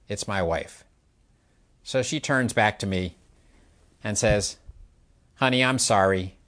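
An older man preaching a sermon, explaining slowly and asking the listeners questions as he illustrates with his hands. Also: fairly low pitch, a bit bright.

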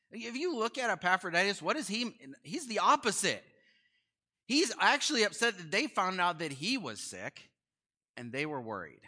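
A young man teaching a Bible study in a conversational, animated way, asking his listeners questions. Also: a little high.

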